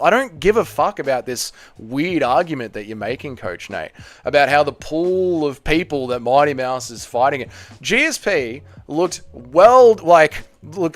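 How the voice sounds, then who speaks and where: A young man hosting a live watch-party stream, arguing with his chat in a heated, profane rant. His pitch sits a bit high and swings widely as he gets worked up. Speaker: streamer host.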